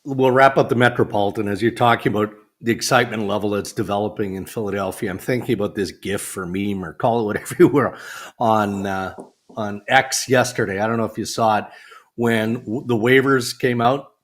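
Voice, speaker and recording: A man's voice: lowish voice, fairly even intonation, a little fast. A man co-hosting a hockey podcast in casual chat, steering the conversation between topics and chuckling easily. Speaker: podcast co-host and hockey insider.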